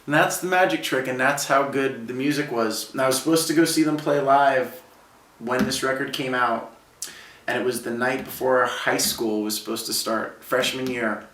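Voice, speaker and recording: A man's voice: mid-range voice, fairly even intonation, moderate pace, fairly bright tone, slight background noise. Man in his thirties, roomy distant sound. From Brooklyn, New York. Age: 30s. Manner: casual, heartfelt, heavy use of "like". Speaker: musician guest. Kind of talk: reflective personal storytelling. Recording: roomy sound, speaker away from mic.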